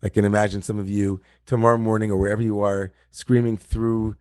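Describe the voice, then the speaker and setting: A man's voice: fairly low pitch, little pitch movement, brisk, a little mellow, clear, resonant tone, dry recording, studio quality. A man giving a reflective sermon as a rabbi at an online service, speaking over a video call and repeating key phrases for emphasis.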